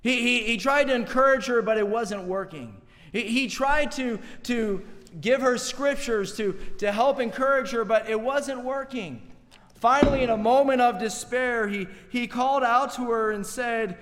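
A man with a strikingly high voice delivers a fervent sermon. He repeats and restarts words, rising to loud passages and sinking to a hush. The sound rings with the long reverb of a church hall. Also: a little slow. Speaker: preacher.

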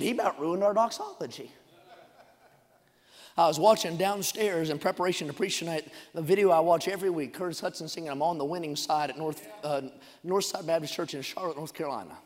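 A man with a high, ringing voice preaches in a church sanctuary. The long reverb of the hall trails after his shouted, chant-like lines, and he drops to softer, chatty asides between them. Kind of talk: revival sermon.

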